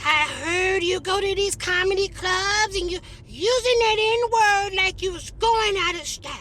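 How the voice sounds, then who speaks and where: A man voicing a stern elderly woman ghost who scolds in a slow, drawling, preachy way. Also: very high voice, sharp tone, pitched above the performer's own voice, exaggerated voice. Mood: scolding.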